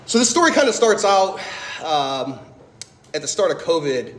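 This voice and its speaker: A man's voice: a little high, sing-song, moderate pace, a bit bright, reverberant. A man in his thirties giving a personal testimony talk, chatty and storytelling, often tossing in "like" and "right?". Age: 30s. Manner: conversational, storytelling, frequent "like" and "right?". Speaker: speaker giving a faith talk.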